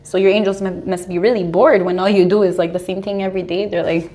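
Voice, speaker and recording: A woman's voice: mid-range voice, quick pace, creaky, hardly any pauses. Chatty woman giving tarot advice. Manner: chatty, animated, laughs often, many "like"s. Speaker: tarot reader. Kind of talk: casual spiritual advice monologue.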